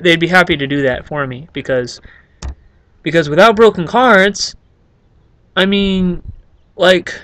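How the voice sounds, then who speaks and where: A man's voice: high-pitched, a bit bright, dry recording. A man casually explaining his card game deck, rambling and joking with many fillers. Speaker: YouTube card game creator.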